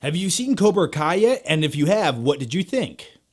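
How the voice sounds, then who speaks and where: A man's voice: on the high side, sing-song, moderate pace. A man hosting a casual movie Q&A vlog, chatty and upbeat with self-deprecating asides. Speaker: YouTube movie reviewer host.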